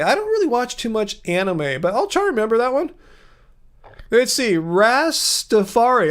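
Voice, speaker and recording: A man's voice: high voice, very animated, moderate pace, fairly bright tone, clean tone. A man hosting a casual livestream, answering viewer comments in a chatty, earnest way, thinking aloud with frequent restarts. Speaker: livestream host.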